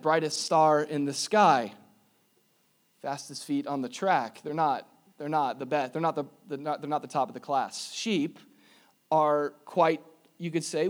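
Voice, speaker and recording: Animated, higher-pitched man preaching a sermon. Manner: animated, jokey asides, emphatic repetitions. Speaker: pastor.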